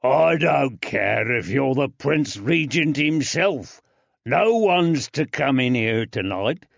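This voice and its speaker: A man narrating an audiobook, voicing a nervous, rough-spoken jailer who talks bluntly and slowly. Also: mid-range voice, expressive, no room sound, pitched above the performer's own voice, exaggerated voice. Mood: threatening. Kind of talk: audiobook character voice. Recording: dry, slightly dull.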